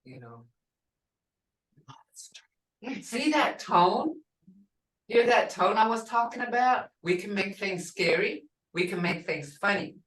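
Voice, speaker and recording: Older lady teaching vocab real slow and patient, mic far off in an echoey room. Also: mid-range voice, fairly bright tone. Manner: slow, patient, repeats words for learners. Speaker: language teacher. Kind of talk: language class teaching. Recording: roomy and distant from the mic.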